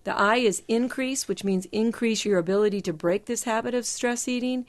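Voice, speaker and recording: A middle-aged woman talking as a Christian psychologist, explaining step-by-step advice in a measured, emphatic teaching manner. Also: fairly high pitch. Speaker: Christian psychologist and show host. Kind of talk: faith-based advice talk.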